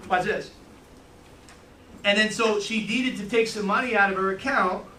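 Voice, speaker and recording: High-voiced New man, echoey room. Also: normal speed, far from the mic, slight background noise. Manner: animated storytelling, repeats words. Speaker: financial services trainer. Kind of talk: training talk to a room.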